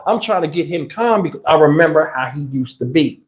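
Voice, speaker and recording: A man telling a story on a livestream, his fairly high voice swinging up and down wildly as he gets worked up. He is animated and conversational, and often checks in with his listeners. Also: brisk. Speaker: channel host.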